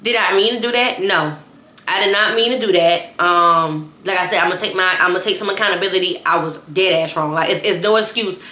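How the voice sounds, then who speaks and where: A young woman recounts a story straight to her viewers in a loose, chatty storytime. She keeps calling out to them and circles back over her own phrases. Her voice is bright and forward, and the room around her sounds echoey. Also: fairly low pitch, fairly quick. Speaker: vlogger telling a story. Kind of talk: casual storytime to camera.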